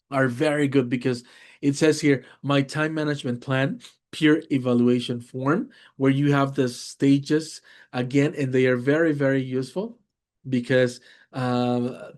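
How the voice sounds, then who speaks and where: A man's voice: mid-range voice, a little mellow. A man with a Latin American Spanish accent presenting a webinar to teachers, often checking in with "all right?" and many fillers. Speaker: teacher trainer.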